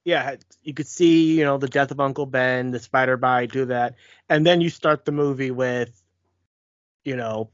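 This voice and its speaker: A man's voice: medium pitch, dry recording. A man chatting casually on a podcast in a matter-of-fact way, with occasional fillers. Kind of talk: casual chat. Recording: dull, lo-fi dry recording.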